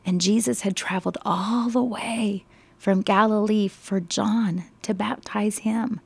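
Woman storyteller for Bible stories, gravelly voice, dry close sound, emphatic. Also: medium pitch, no room sound. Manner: expressive, slow and emphatic.

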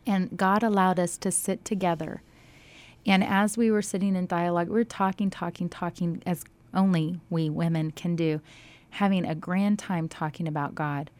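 A woman telling a faith story in a casual, animated way, acting out quoted dialogue and dropping to near-whispers at times. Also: on the low side, normal speed.

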